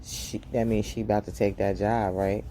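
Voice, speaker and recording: A woman's voice: normal speed, a little hiss or hum. Chatty woman doing a gossipy recap. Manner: chatty, gossipy, talks straight to viewers as "girl"; animated, acts out the characters' lines in high voices. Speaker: show recap host. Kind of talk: casual TV episode recap.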